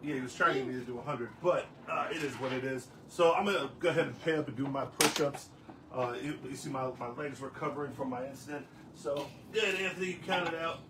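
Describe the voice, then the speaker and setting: A man's voice: mid-range voice, quick pace, heavy background noise. Rambling man hosting a sports show. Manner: rambling, lots of fillers and restarts. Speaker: host. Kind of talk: casual sports talk show.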